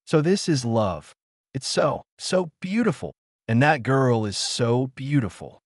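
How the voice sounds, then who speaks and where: Man doing a teen ninja girl, raised high voice, swoops wildly, dry close sound, storybook reading. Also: sing-song, measured pace, dry recording. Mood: dreamy. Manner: gushing, indignant outbursts. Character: excitable, hot-tempered teenage girl ninja.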